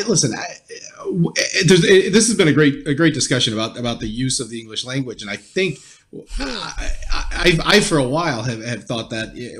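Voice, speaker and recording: A man's voice: medium pitch, a little hiss or hum. A man co-hosting a political talk show who speaks hesitantly, restarting his sentences often. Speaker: co-host.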